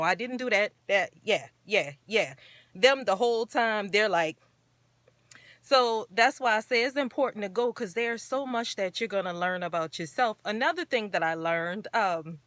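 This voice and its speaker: An adult parent hosting her own talk show, this woman speaks earnestly and encouragingly in a rambling, casual way. Her voice is medium-pitched and fairly bright, recorded with no echo.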